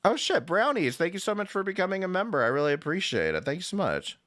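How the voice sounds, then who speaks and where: A man's voice: high-pitched, sing-song, quick pace, fairly bright tone. A man hosting a stream, ranting profanely and sarcastically while reacting to clips. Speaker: streamer host. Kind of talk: reaction commentary.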